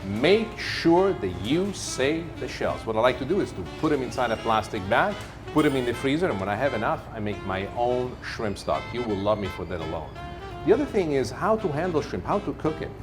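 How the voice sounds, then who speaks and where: A man's voice: mid-range voice, sing-song, fairly quick. A middle-aged man with an Italian accent hosting a cooking demonstration in a TV kitchen, talking in a playful, theatrical, self-mocking way. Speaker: TV chef host. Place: TV kitchen set. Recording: music playing under the voice.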